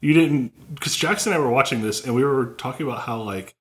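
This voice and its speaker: A man co-hosting a casual movie podcast, joking and telling scenes in an animated way. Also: medium pitch, fast talker. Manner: joking, animated storytelling with laughs. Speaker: podcast co-host.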